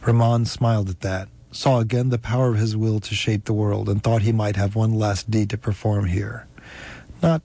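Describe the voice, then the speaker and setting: Gravelly male audiobook narrator. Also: lowish voice, flat delivery, normal speed, hardly any pauses, dark tone.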